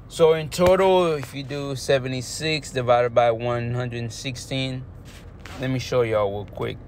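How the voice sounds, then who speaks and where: A young man casually vlogging about his sports bets, slangy and animated, sometimes trailing off into quiet muttering and working through numbers haltingly. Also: mid-range voice, slight background noise. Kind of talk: casual talk to camera.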